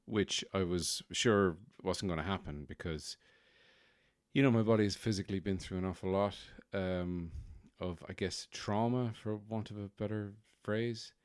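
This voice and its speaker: A man hosts his podcast in a deep, smooth voice, rambling through a casual comic monologue. He is wry and self-mocking. The sound is close and dry. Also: measured pace, dry recording. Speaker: podcast host.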